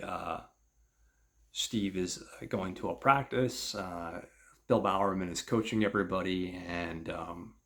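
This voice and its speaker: A man's voice: low-pitched, a bit bright. A man hosting a show, casually retelling a film plot in a rambling way with many filler words.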